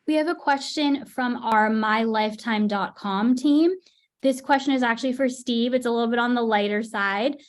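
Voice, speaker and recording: A woman moderating a press panel, reading out questions in a polite, brisk way. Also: a little high.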